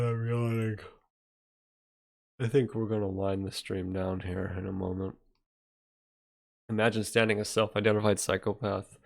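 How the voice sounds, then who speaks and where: This young livestream host has a fairly low, gravelly voice. He chats loosely, reading and reacting to viewer comments, rambling and trailing off.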